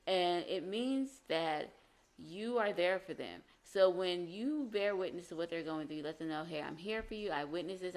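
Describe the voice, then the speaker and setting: A woman coach talks through marriage advice on her solo podcast in a relaxed, conversational way. Her voice sits a little low, and she slips into little acted quotes as she explains. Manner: conversational, acts out quoted lines in varied voices. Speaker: podcast host, relationship coach.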